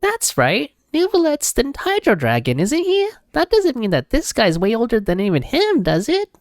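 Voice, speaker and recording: Man putting on a tiny fairy girl voice, high and squeaky, eager, swooping all over, dry close sound. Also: normal speed, dry recording, full character voice. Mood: surprised. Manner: high, squeaky, excited questioning. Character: tiny excitable female fairy companion.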